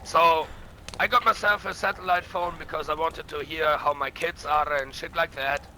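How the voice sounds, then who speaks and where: Brash high-voiced man boasting in character. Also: fairly even intonation, moderate pace, bright, forceful tone, a little hiss or hum, low-quality recording. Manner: profane, boastful, rambling. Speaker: roleplaying bandit boss. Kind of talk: in-character roleplay storytelling. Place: online game voice chat.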